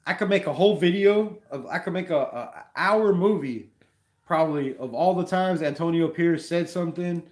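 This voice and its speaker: Man, casual live sports talk, slightly high voice, rambling, slangy. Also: moderate pace. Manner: rambling, animated, says "bro" a lot. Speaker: fan show host.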